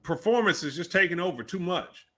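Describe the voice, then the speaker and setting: A man's voice: high voice, lively intonation, fairly quick, fairly bright tone. A man co-hosting a basketball podcast, arguing his point insistently in casual chat. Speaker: podcast co-host.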